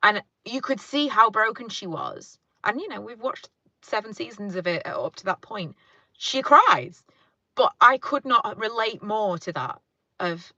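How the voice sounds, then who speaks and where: A woman's voice: medium pitch, animated, a little slow, bright, forceful tone, no room sound, highs cut off. A woman chatting casually in her car, reading viewer comments and rambling with lots of fillers. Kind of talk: casual car chat live stream. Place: inside a parked car.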